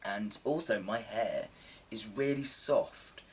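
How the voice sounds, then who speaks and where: A man's voice: fairly low pitch, slow, far from the mic, slight background noise. A man in casual chat to camera, rambling and self-deprecating with plenty of ums, his voice a little coarse from a sore throat. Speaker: vlogger.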